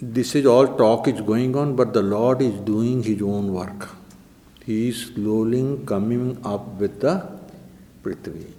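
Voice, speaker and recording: A man's voice: lowish voice, slow, mellow, big-room sound. A man teaching a scripture class, reading Sanskrit verses and then explaining them word by word.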